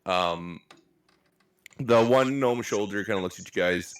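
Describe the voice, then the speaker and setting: A man's voice: fairly low pitch, a little slow, pauses often. A man narrating as game master in a casual, rambling way, swearing offhandedly. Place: live-streamed game session.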